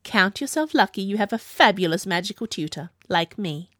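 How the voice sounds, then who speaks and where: A woman voicing a bold, self-assured young princess who talks briskly, recorded on a close mic. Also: medium pitch, expressive, fairly bright tone, no echo. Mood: sharp. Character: bold, bossy young princess, spirited and teasing.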